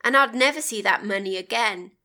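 Brief: woman reading a dismissive, penny-pinching husband, scornful and sharp-edged. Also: mid-range voice, a little fast, lightly acted. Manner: curt, scornful. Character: stubborn, tight-fisted middle-aged husband, dismissive.

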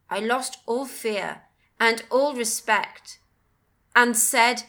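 A woman reads a first-person story aloud in a measured, earnest way. Her pace is very slow and her tone bright and slightly high. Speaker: audiobook narrator. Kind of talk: first-person audiobook narration.

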